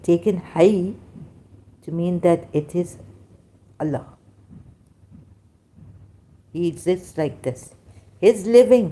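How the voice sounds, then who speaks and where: Low, mellow woman with a Persian accent. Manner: broken English, halting, self-interrupting. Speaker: live-stream host. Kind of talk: rambling religious commentary live stream.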